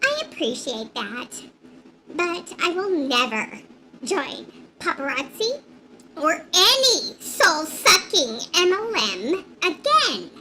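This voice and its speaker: A woman voicing a snarky, defiant woman who used to sell for a company, speaking slowly and pointedly. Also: very high voice, big pitch swings, bright, forceful tone, slight background noise, voice pushed up, exaggerated voice.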